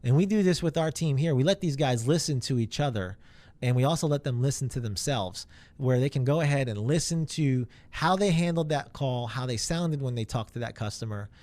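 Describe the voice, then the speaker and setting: Guy giving a casual sales training talk, rambly, lots of you know and um, average pitch. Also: lively intonation, brisk, a little mellow. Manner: conversational, rambling, many fillers.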